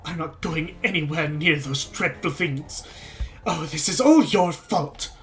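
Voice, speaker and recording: A streamer voicing a bitter, fearful old village woman in a horror game, sharp and accusing. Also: medium pitch, unhurried, faint music behind, close to an everyday voice.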